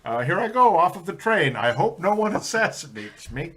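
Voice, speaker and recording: A man's voice: high voice, big pitch swings, normal speed, very noisy. A man playing a newly elected president from long ago, narrating his own moves with a giggle. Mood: giddy. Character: nervous newly elected male president, 1900s era.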